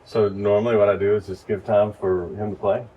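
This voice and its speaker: A man giving relaxed, step-by-step training to church volunteers, recorded in a church. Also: lowish voice, a little fast, dull audio. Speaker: lighting instructor. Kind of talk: casual hands-on training. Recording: distant mic with faint noise.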